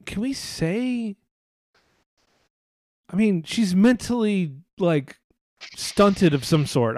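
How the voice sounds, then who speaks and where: A man chatting on a podcast in a rambling, sarcastic way, cursing freely and slipping into mocking voices of other people. His voice sits a little higher than most men's, and the recording is dry and close with no room sound. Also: a little mellow, no echo. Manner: rambling, sarcastic, swears a lot, mimics others. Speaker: podcast co-host. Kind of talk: casual profane chat.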